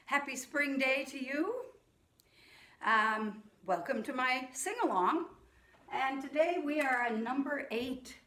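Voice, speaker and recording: Middle-aged woman, music teacher type, high and unhurried, talking kindly to little kids in an echoey room. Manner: gentle, slow and patient, addressing young children. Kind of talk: children's sing-along lesson.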